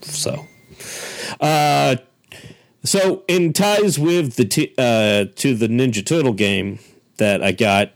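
A man's voice: medium pitch, takes it slowly, long pauses. A middle-aged man co-hosting a casual chat, rambling with lots of asides. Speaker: co-host.

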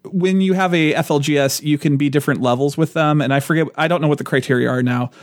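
A man's voice: on the high side, fast, dry recording, clean studio sound. A man co-hosting a podcast, chatting casually about board game news, laughing often and restarting his sentences. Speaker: podcast co-host.

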